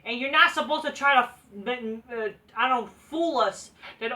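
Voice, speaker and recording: Woman reviewer, high bright voice, fed-up and profane, recorded a bit off-mic. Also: normal speed, hardly any pauses, far from the mic. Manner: exasperated, swears constantly, mocks wrestlers in sing-song quotes. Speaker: wrestling show reviewer. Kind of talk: profane ranting commentary.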